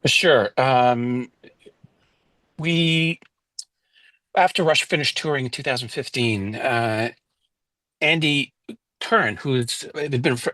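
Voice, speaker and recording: An older man recounts a story for an interview, easygoing and measured, with a few small restarts. He sits close to the mic in a dead, dry room, and his voice sits at an ordinary middle pitch. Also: pushed and bright, no echo. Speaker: guest musician.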